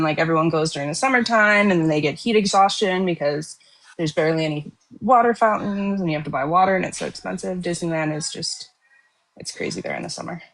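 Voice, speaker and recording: A woman in a casual online political discussion, explaining her views in a self-assured way. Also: lowish voice. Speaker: debate participant.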